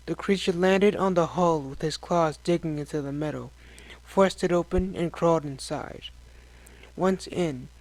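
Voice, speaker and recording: A man reading a scripted science-fiction story aloud as narrator, in a steady, descriptive way. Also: fairly high pitch, poor audio.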